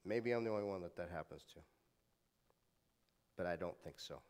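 A man's voice: low-pitched, moderate pace, long reverb tail. A man preaching a sermon as pastor, retelling scenes dramatically and leading the congregation in repeating scripture. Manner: dramatic retelling with swings from loud to hushed; leads congregation in call-and-response repetition.

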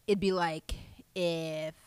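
A woman's voice: on the low side, fairly even intonation, takes it slowly, a little mellow, smooth, no echo. Profane woman telling a rambling comic story. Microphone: home podcast mic.

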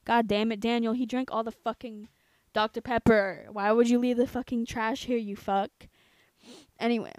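A young woman in her twenties from the United States, telling a story on a podcast in a casual, profane, animated way. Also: on the high side, moderate pace, no echo. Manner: profane, animated, quotes herself and others. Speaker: podcast co-host.

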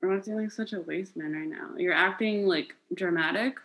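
A young American woman co-hosting a casual chat, playful and joking, swearing freely, with sudden high-pitched outbursts. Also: normal speed, a bit bright, poor audio. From United States. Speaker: podcast co-host.

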